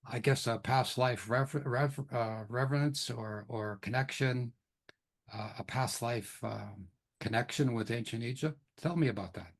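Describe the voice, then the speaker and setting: A man's voice: medium pitch, moderate pace. A man hosting an interview, talking in a hesitant way with many restarts and fillers. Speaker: interview host. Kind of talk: conversational interview.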